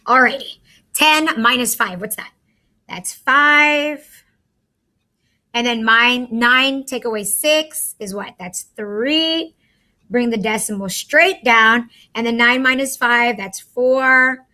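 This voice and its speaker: A woman's voice: on the high side, takes it slowly, sharp tone. A woman teacher in a recorded math lesson, chatty and talking through each step aloud to her students.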